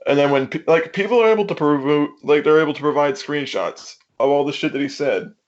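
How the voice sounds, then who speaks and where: A man's voice: on the high side, fairly quick. Exasperated man on a lo-fi call. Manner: exasperated, profane, reasoning. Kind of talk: casual stream argument.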